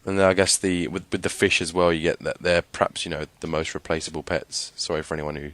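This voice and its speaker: A man's voice: low-pitched, level tone, quick pace, a bit bright, no room sound. A man co-hosting a podcast, talking in an easygoing, hesitant way with many fillers. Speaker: podcast co-host. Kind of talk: casual discussion.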